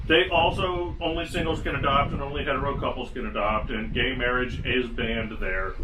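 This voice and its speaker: A man's voice: a little high, noisy background. A man hosting his own podcast, talking through a casual solo commentary with sarcastic, wry asides. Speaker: podcast host. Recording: echoey room, mic at a distance.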